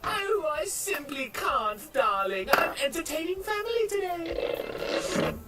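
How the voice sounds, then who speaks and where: Rarity, a woman playing a vain posh pony lady in a fan cartoon parody, swooping high and low in an affected drawl. The voice sits far from the mic, with loud music playing behind it. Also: sing-song, slow pace, heavily acted. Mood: haughty. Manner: haughty, theatrical. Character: vain, posh female pony, haughty and cruel. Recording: distant voice under loud music.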